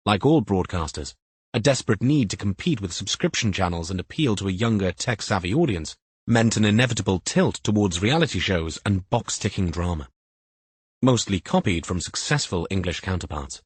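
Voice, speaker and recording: A man reading a crime novel aloud in measured, scripted narration. His voice sits low and slightly husky. The recording is close and dry, with no room sound. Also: no echo. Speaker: audiobook narrator.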